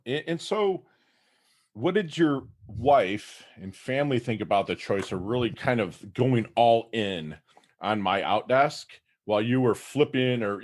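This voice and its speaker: Low, lively podcast host. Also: male voice. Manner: affirming, quick interjections. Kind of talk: conversational podcast interview.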